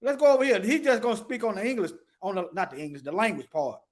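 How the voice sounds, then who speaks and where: A man's voice: high-pitched, quick pace. A man giving casual, emphatic commentary, repeating himself as he points things out on screen. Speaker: commentator showing on-screen material.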